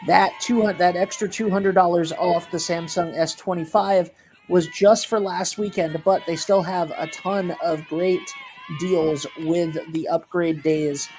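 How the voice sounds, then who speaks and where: A man calling a live high school softball game, chatty and jokey, weaving in sponsor reads and getting loud on big plays. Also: steady tone, unhurried, slight background noise. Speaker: play-by-play announcer.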